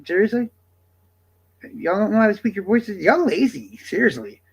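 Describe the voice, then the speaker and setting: A man livestreaming, talking to his chat in a casual, profane, defensive rant that swings between loud and quiet. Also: high-pitched, sing-song, fairly quick, vocal fry, breathy edge.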